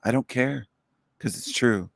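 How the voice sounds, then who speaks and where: A man's voice: medium pitch, measured pace, vocal fry, no echo. Scornful man ranting on a livestream. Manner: contemptuous, scornful, mocking. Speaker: livestream host.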